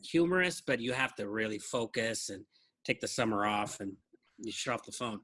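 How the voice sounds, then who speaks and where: A man hosting a podcast, chatting in a relaxed, thoughtful way about books he shows to a co-host. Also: fairly low pitch, moderate pace. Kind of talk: casual book chat.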